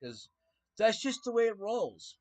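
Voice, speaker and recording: A man's voice: high voice, very animated, measured pace, a little mellow. A man ranting on his own stream in a casual way, sarcastic, defiant and mocking.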